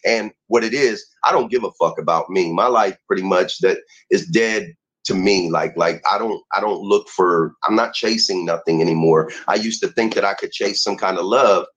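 A man's voice: low-pitched, normal speed, fairly bright tone, breathy edge, low-quality recording. A man ranting heatedly and profanely as a guest on a talk show.

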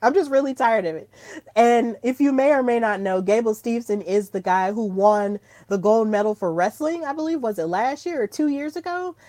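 A woman hosting her own podcast in casual solo chat, gushing and excitable, breaking into squeals when thrilled. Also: fairly high pitch, moderate pace, few pauses, dry recording. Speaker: podcast host.

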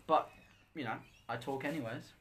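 Bright-voiced teenage guy, blunt and teasing. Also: mid-range voice, normal speed, a little hiss or hum. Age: teens. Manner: chatty and blunt, teasing, swears casually, many fillers. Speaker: podcast co-host. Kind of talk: casual podcast chat.

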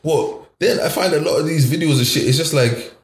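A man's voice: on the high side, fairly quick, echoey room. A young man from Ireland chatting casually, rambling with many restarts and slang fillers. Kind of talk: casual podcast chat.

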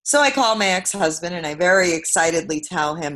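A woman from Brooklyn, New York, with a lowish voice, recounting her own story as a guest. She is lively and expressive, punching key words loudly, then dropping into near-quiet asides. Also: fairly quick. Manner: expressive, swings between loud emphasis and hushed asides. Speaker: guest, author. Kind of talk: animated personal storytelling.

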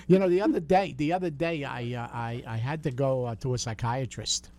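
A man's voice: mid-range voice, fairly quick, a little mellow. An older man hosting a call-in radio show, chatty and full of corny jokes. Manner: joking, chatty, folksy.

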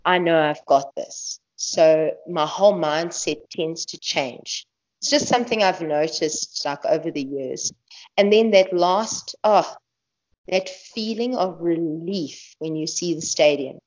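A woman talks freely in an interview, lower-pitched than most women, and she laughs often and restarts her sentences. The audio is muffled and lo-fi. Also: takes it slowly, a little mellow. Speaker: guest ultramarathon runner. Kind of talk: casual interview talk. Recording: dull lo-fi podcast audio.

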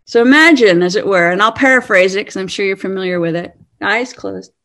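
A woman in her fifties giving a sermon-style talk, earnest and animated, laughing now and then. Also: mid-range voice, a little fast. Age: 50s. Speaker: speaker.

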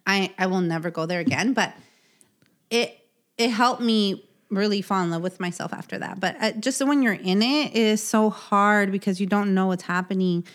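A woman co-hosting a casual podcast talks in an earnest, animated way. She restarts her sentences often as she works through an explanation, with a voice of middle pitch. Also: moderate pace. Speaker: podcast co-host. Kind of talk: casual chat.

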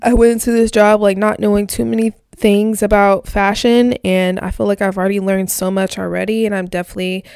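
Young woman, home vlogger, smooth voice, dry close mic, candid and raw, curses casually. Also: medium pitch, level tone, a little fast, hardly any pauses, darkish tone, dry recording. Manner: emotional, swears freely, many fillers. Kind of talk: casual diary vlog. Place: home, indoors.

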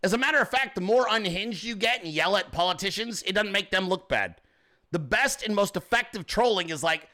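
A high-pitched, bright-toned man hosting a ranting commentary show. He swears constantly and mocks his targets with heavy sarcasm. His delivery is brash and cutting. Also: expressive, fairly quick. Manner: profane, mocking, sarcastic. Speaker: host.

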